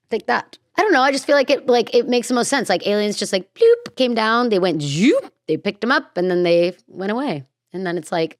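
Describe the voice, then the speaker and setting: A woman hosts a podcast, alternating read script with loose, giggly asides. Her voice sits a little low, and the recording is dry and close with no room sound. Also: no room sound. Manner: chatty, giggly, rambling asides between read lines. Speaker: podcast host. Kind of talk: casual chat mixed with read script.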